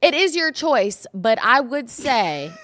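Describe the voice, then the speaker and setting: Bay area woman in her 30s, podcast cohost, cusses a lot, lively stories, bright voice, dry sound. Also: sits high, takes it slowly, dry recording. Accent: Bay Area Californian. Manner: blunt, profane, animated storytelling. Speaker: podcast co-host. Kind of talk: casual chat.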